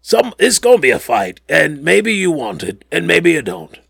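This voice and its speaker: A man hosts a casual podcast, rambling with jokey asides while he shakes off the flu. His low voice is gravelly and a little husky, and it swings widely in pitch. The sound is dry and close. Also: wildly swooping pitch, moderate pace, fairly bright tone, no room sound. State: getting over the flu. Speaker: podcast host.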